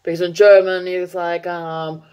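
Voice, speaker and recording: Chatty woman vlogger, lowish voice. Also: flat delivery, measured pace, mellow, clean tone. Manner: chatty, rambling, laughs at herself; fillers and self-corrections. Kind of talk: casual chat to camera.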